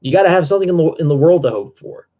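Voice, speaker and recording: A man's voice: a little high, lively intonation, rapid-fire, highs cut off. Breathless man rambling on a stream. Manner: earnest, rambling with fillers and restarts. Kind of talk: casual live-stream chat.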